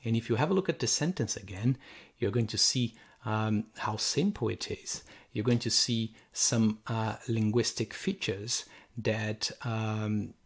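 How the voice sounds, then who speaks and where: Slow, husky-voiced male lecturer. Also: on the low side. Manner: slow and halting, many fillers and restarts. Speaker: university language lecturer. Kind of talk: recorded sample lecture.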